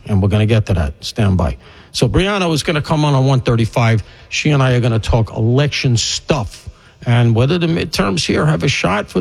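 A middle-aged man hosting a talk radio show, delivering an opinionated monologue in a conversational way that wanders off on tangents as he thinks aloud. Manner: animated and conversational, swinging pitch widely for emphasis. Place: broadcast studio.

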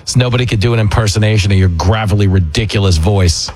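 A man's voice: lowish voice, quick pace, a little mellow. A man hosting a radio talk show, chatting casually and telling stories with self-deprecating jokes. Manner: self-deprecating, jokey storyteller.

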